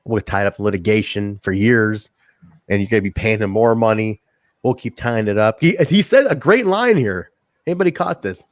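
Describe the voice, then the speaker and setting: A man co-hosting a casual wrestling review podcast, animated and profane, laughing often. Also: lowish voice, normal speed, dry recording, clean studio sound. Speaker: podcast co-host.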